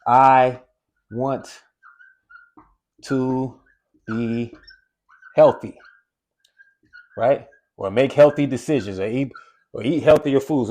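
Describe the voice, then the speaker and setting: A man giving a casual, motivational talk to camera as a weight-loss coach, repeating key phrases and slowing down to stress single words. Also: on the high side, a little mellow.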